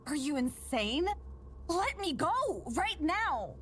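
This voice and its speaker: Woman doing a scared young worker, high and jumpy, talking real slow, music in back. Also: sing-song, a bit bright, slight background noise, full character voice. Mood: panicked. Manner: pleading, alarmed questioning.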